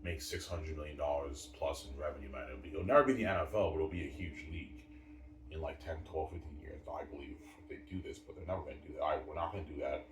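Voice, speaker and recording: A man's voice: very deep voice, fast, reverberant, distant mic, a little hiss or hum. A man from Canada giving blunt, opinionated answers to chat questions in a casual livestream, often repeating words and saying "man".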